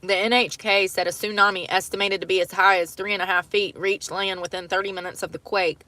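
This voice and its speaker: Bright-voiced woman livestreamer reading news. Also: mid-range voice, flat delivery, brisk, dry recording. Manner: reacts with nervous laughter and exclamations. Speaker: livestream host. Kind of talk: casual livestream chat reading news aloud.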